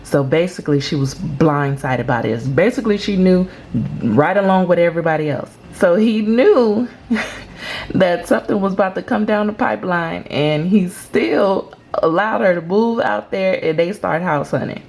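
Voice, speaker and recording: A woman hosts a celebrity gossip vlog in a casual, chatty way. Her voice sits a little low for a woman, and she leans hard on her points with big dramatic reactions. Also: animated, moderate pace, darkish tone. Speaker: celebrity gossip channel host.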